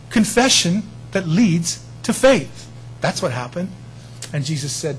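A man preaching a sermon in an animated, conversational way, acting out short quotes. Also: a little high, a little slow, slightly rough, low-quality recording.

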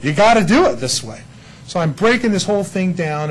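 Chatty pastor, fairly high voice. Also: male voice, a little fast, slight background noise, low-quality recording. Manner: chatty and animated, telling a story with jokes. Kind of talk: casual sermon.

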